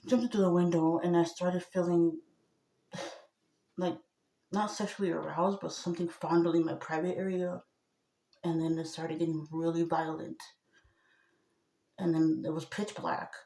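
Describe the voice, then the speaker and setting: A woman talking to the camera in a rambling personal monologue, agitated, going from a low murmur to loud outbursts. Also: level tone, moderate pace, roomy sound.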